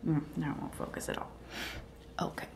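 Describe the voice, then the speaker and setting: A woman hosting a nail art video, chatting casually and half-whispering to herself as she works, easily excited. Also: brisk. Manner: mutters and half-whispers to herself while working; excitable, eager. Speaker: nail art channel host. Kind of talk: casual tutorial commentary.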